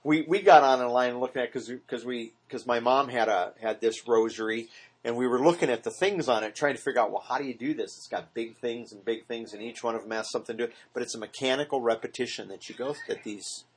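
A man's voice: mid-range voice, fast, husky. A man teaching a small Bible study in earnest, often asking the group questions. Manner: earnest, asks the group questions, mimics repetitive praying.

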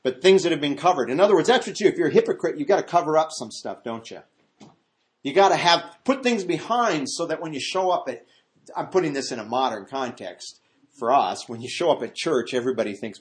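A man, a pastor, preaching an expository sermon in an animated way, moving from loud exclamations to hushed asides and acting out voices in his stories. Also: mid-range voice, a little fast.

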